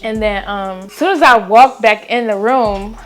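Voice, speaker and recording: A young woman telling a casual storytime vlog, chatty and animated, full of "like" fillers and acted-out quotes. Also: medium pitch, normal speed, faint music behind. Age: young adult. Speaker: vlogger.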